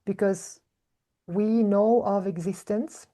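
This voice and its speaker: A woman giving a reflective spiritual talk, speaking slowly and thoughtfully with soft hums and fillers. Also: mid-range voice, vocal fry. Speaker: spiritual teacher, podcast host.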